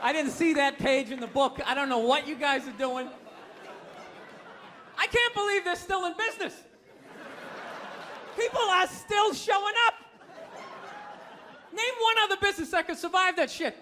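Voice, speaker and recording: Ranting Boston comedian with a bright voice. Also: male voice, very high voice, normal speed, pauses often, some chatter behind. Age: 50s. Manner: animated, incredulous rants with acted-out voices. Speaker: stand-up comedian. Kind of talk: stand-up comedy set. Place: comedy club stage before a live audience. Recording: live club recording with audience noise. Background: audience laughter.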